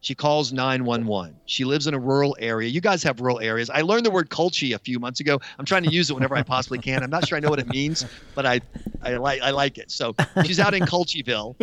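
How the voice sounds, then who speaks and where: A man with an American accent arguing his side in a studio debate, sarcastic and animated. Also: mid-range voice, fast. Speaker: studio guest.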